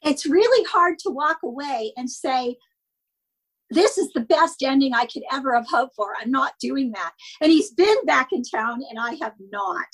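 An older woman, a podcast guest, wistfully shares personal stories in casual chat, laughing now and then. Her voice is high and slightly rough with a fairly bright tone, lively intonation, and normal speed. The recording is rough.

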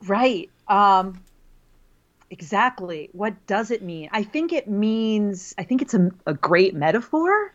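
A woman's voice: mid-range voice, animated, takes it slowly, fairly bright tone. Chatty woman co-host who laughs a lot, um and like everywhere, kinda dull sound. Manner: chatty, laughs often, many fillers. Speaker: podcast co-host and college writing teacher. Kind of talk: casual conversation.

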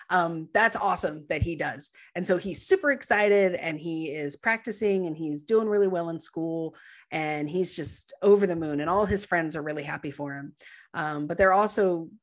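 A woman co-hosting a podcast, chatting enthusiastically about a film and laughing easily. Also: low voice. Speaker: podcast co-host. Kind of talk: casual film discussion.

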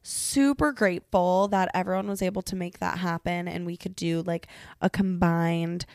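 Gravelly, profane young woman venting. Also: fairly low pitch, steady tone, moderate pace, a little mellow, no echo, studio quality. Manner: profane, self-mocking, rambling. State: sick and congested. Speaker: podcast host. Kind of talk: casual venting monologue. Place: bedroom.

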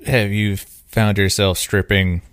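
A man with a low voice and a dry, close sound asks curious follow-up questions in relaxed chat. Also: slow, no room sound. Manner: brief backchannel, asks questions. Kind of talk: casual conversation.

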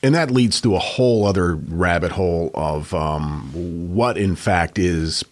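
Low-voiced man making dry quips. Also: measured pace. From United States. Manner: dry quips, deadpan asides. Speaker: podcast co-host. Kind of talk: casual podcast chat.

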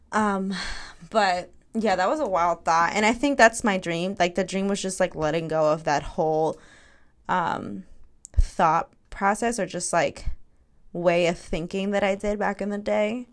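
A woman's voice: on the low side, moderate pace. Laughing, candid young woman podcaster. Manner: candid and animated, swearing, laughing often. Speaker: podcast host. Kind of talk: casual solo podcast chat.

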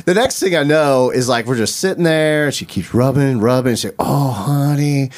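Animated storytelling man, lively pitch. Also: a little fast. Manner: animated storyteller, puts on voices and laughs often. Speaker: podcast host. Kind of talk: casual chat.

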